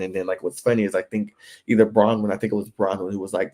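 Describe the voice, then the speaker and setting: Chatty man gossiping, lowish voice. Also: steady tone, quick pace, dark tone. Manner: chatty, filler-heavy, acts out quoted lines in high voices. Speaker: recap show host. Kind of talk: casual gossip recap.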